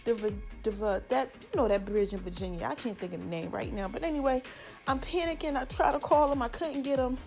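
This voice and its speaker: Chatty New woman, slightly high voice. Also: brisk, a little mellow, faint music behind. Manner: chatty, slangy and affectionate, rambling asides. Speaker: podcast host. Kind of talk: casual shout-outs to supporters.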